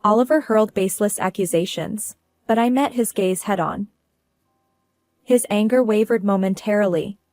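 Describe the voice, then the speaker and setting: A woman's voice: medium pitch, moderate pace, darkish tone, no room sound. Female narrator, cool businesslike delivery, dry close recording. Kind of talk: first-person story narration.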